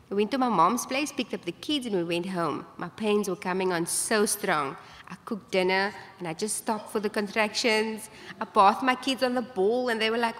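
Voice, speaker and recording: A woman tells her birth story to a conference audience, chatty and animated, laughing often and acting out quoted voices. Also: on the high side, fairly quick, slight background noise. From South Africa. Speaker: conference speaker. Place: large conference hall. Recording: reverberant hall sound.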